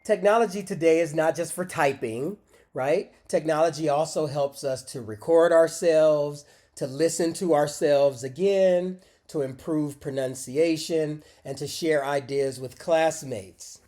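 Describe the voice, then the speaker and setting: A man teaching a short English lesson, speaking deliberately and modeling phrases for learners to repeat. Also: a little high, dark tone. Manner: slow, deliberate, encouraging, models phrases aloud for repetition. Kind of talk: scripted micro-lesson with screen demo.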